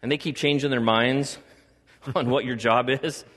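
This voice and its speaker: A middle-aged man preaching a sermon to a congregation as pastor, animated, joking and acting out little dialogues. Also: unhurried, in a large hall. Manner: animated, acts out dialogue with God in a higher voice; jokes and laughs with the congregation.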